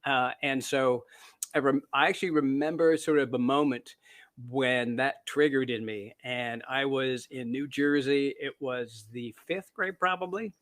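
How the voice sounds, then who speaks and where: In an unhurried, medium-pitched voice with a bit of brightness, the Canadian-born author chats through stories during a casual interview. He pokes fun at himself and keeps stopping to restart, using plenty of fillers.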